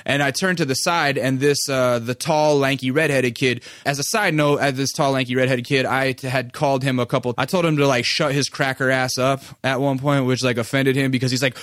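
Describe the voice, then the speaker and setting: A man in his thirties spins a long story on his podcast, loose and profane, full of fillers. His voice sits at an everyday middle pitch. The sound is dry and close. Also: fairly even intonation, a little fast, hardly any pauses, a bit bright, no echo. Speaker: podcast host. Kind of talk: casual storytelling monologue.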